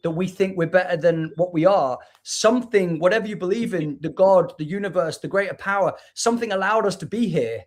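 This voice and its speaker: British man, earnest, reflective, a bit higher-pitched, video call guest. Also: fairly quick, few pauses. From United Kingdom. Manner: earnest and reflective, restarts words, acts out quoted voices. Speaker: guest, spoken word artist. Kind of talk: candid conversation on a livestream.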